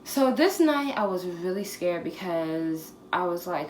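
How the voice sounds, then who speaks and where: A woman's voice: lowish voice, normal speed, hardly any pauses. A woman in her twenties telling a personal story on her vlog, candid and profane, acting out what people said to her. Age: 20s. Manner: candid, profane, animated retelling with acted-out quotes. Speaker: vlogger. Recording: echoey room, faint background hiss.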